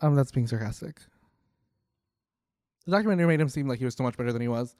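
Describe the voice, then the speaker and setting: A young man making casual, sarcastic reaction commentary, swearing and tossing off quick jokey asides. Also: medium pitch, dark tone, dry recording, clean studio sound.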